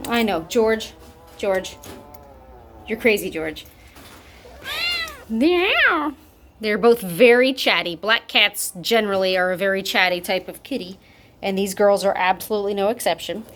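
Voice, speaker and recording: A woman's voice: mid-range voice, lively intonation, a little slow, long pauses, fairly bright tone, a little hiss or hum. Chatty woman cooing over kittens. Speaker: cat foster and adoption volunteer. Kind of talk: casual adoption video chat. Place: home with cats. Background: cats meowing.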